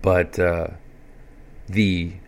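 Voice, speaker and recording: Male podcast host, lowish voice, rambling sarcastic monologue, crude and full of filler. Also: little pitch movement, extremely slow. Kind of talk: casual profane monologue.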